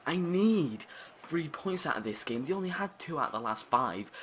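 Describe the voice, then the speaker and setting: A man commentating his own football video game match, chatting along and breaking into shouted, sweary outbursts at the play. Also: on the high side, lively intonation, normal speed, slight background noise. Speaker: gaming channel host.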